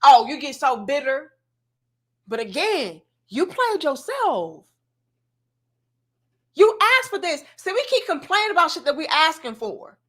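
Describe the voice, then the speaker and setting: A woman with a high voice hosts a casual commentary show. She talks in a bright, sharp tone and lectures her viewers emphatically. She speaks straight at the audience. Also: big pitch swings, a little slow, pauses often.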